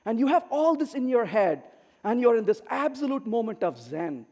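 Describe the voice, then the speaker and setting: In a big, echoing conference hall, a middle-aged keynote speaker with a very high voice talks at a moderate pace. His funny talk is full of stories, and he animatedly performs the dialogue of each character.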